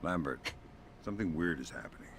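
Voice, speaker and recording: An actor playing a hardened covert agent who speaks tersely and with dry menace in a video game. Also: male voice, very deep voice, animated, brisk, creaky, noisy background, full character voice.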